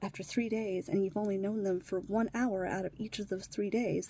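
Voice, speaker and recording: A distressed, tearful woman speaks into her own video diary in a husky, breathy voice with a warm, mellow tone. She sinks into hushed whispers, then flares up into sharp, swearing outbursts. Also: mid-range voice, steady tone, moderate pace, hardly any pauses. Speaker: vlogger.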